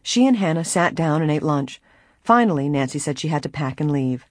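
An audiobook narrator reading a mystery novel at a steady, even pace. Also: medium pitch, fairly quick, no echo, studio quality.

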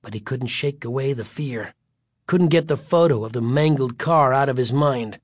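A man narrating a chapter of a story in an even storytelling voice. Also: mid-range voice, moderate pace, dry recording, clean studio sound. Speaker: audiobook narrator. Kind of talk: scripted narration.

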